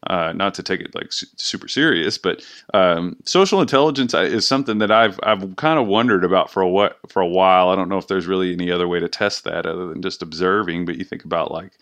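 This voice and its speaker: Very deep, smooth-voiced man in sports chat. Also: fast talker, few pauses. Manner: relaxed, musing, trailing off. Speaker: podcast host.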